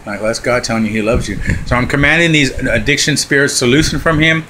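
A man's voice: mid-range voice, steady tone, fast talker, background noise. A man, a Christian minister, sharing a casual testimony video in a fervent, rambling way with many restarts and fillers.

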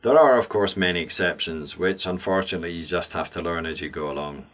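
A man teaching English pronunciation in a scripted lesson, speaking deliberately and enunciating each sound clearly. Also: low-pitched, a bit bright.

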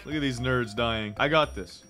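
A young man hosting a gaming video, giving excited, joking gameplay commentary and breaking into yelps. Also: mid-range voice, normal speed, faint music behind.

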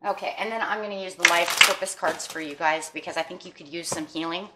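A woman's voice: fairly low pitch, fast, heavy background noise. A woman giving a casual tarot reading to her viewers, chatty and encouraging, often checking in with "okay?" and "you know". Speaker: tarot reader.

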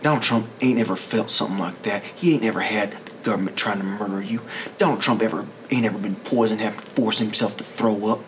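A man's voice: lowish voice, fast, slight background noise. A man talking in a casual, rambling, profane monologue, often correcting himself mid-sentence.

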